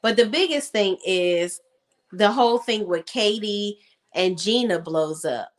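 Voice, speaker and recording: A woman hosting a casual reality TV recap, talking in slang and acting out cast members' lines in quick voices. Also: mid-range voice.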